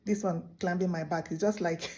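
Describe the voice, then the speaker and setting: A woman's voice: on the low side, steady tone, brisk, mellow, natural voice. A woman voicing a big, kind and trusting male elephant. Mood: easygoing. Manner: easygoing, then bewildered.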